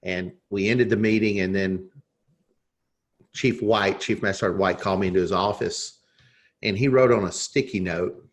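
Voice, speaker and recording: A man with a somewhat low voice, speaking as a guest on a podcast interview. He tells his story in an earnest, reflective way, the way a coach talks through a lesson. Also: fairly even intonation, moderate pace.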